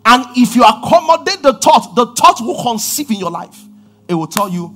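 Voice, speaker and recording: Husky, animated preacher man. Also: quick pace, soft background music. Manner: animated preaching, swings from shouts to low murmurs. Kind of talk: sermon.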